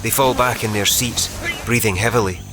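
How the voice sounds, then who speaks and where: A man reading a novel aloud as narrator in a measured, vivid storytelling manner. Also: lowish voice, fairly even intonation, music in the background. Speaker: audiobook narrator. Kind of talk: scripted narration.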